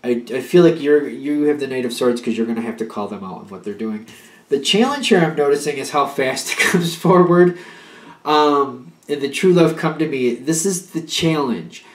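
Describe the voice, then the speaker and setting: A man's voice: mid-range voice, animated, normal speed, echoey room. Rambling man giving a tarot reading. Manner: rambling, restarts, acts out quoted pleas. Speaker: tarot reader. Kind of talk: casual spoken tarot reading.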